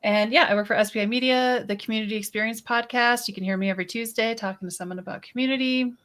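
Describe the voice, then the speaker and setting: A woman guest on a live panel, chatting casually, quick to laugh and brief in her replies. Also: on the high side, steady tone, fairly bright tone. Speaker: podcast host, guest.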